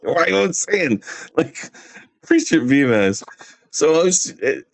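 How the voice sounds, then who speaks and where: A man's voice: on the high side, big pitch swings, slow, vocal fry, dry recording. Brash trash-talking male streamer, dry sound. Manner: laughs at his own jokes. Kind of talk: casual livestream rant.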